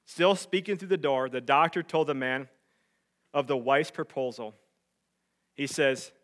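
A male pastor preaching, dropping to hushed tones and rising to loud emphatic peaks as he tells a story. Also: medium pitch, measured pace, long pauses. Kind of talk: sermon.

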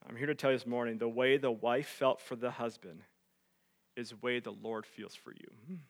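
A male pastor preaching, dropping to hushed tones and rising to loud emphatic peaks as he tells a story. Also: medium pitch, steady tone, moderate pace. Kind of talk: sermon.

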